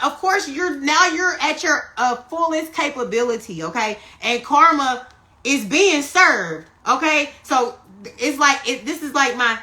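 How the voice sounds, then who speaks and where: A woman giving a casual spiritual tarot reading on a phone live stream, animated and profane, who keeps checking in with her listeners. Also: sits high, unhurried. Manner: animated, profane, keeps asking "you see what I'm saying". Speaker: tarot reader.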